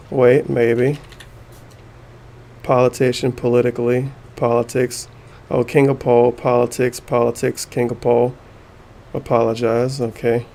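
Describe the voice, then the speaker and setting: A male streamer reacting live to forum posts, sarcastic and mocking, swearing freely. His voice has a gravelly, creaky texture at a middle pitch. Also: dark tone, slight background noise. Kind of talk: casual stream commentary, reading aloud.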